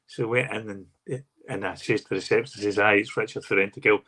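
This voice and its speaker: A man's voice: fairly low pitch, fairly even intonation, fast talker, hardly any pauses, fairly bright tone. Rambling man telling a work story. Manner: rambling, repeats words and restarts when telling stories. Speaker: pest control expert, guest. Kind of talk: casual storytelling chat.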